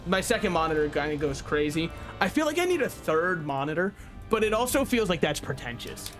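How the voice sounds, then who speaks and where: Man, streamer, casual gameplay commentary, sarcastic, self-mocking, swears, slightly high voice. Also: sing-song, brisk, music in the background. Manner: swears freely.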